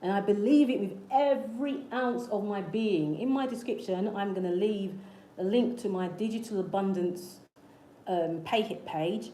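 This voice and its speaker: In an echoey room with faint ambience and slight background noise, a woman who hosts a manifestation channel coaches her viewers on camera. Her talk is casual, earnest, repetitive and encouraging. She has a warm, mid-range voice and a moderate pace.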